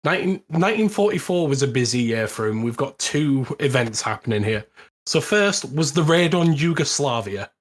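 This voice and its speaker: A British man co-hosting a podcast, telling a history story in casual, animated chat with frequent laughs. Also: medium pitch, normal speed. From Britain. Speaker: podcast co-host.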